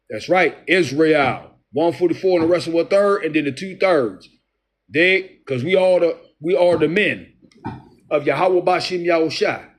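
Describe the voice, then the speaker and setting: A man with a slightly raised voice preaches in a combative, profane way. He reads verses slowly, restarts lines, and jabs at his listeners between passages. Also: on the high side, animated, fairly bright tone. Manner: profane, taunting, addresses listeners as devil. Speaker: street preacher. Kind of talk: confrontational scripture-reading sermon.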